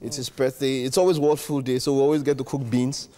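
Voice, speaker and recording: A man's voice: mid-range voice, little pitch movement, fast talker, mellow. A man co-hosting a morning show, joking and teasing his co-hosts. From Nigeria. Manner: jokey, teasing. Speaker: breakfast show co-host. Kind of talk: studio talk show banter.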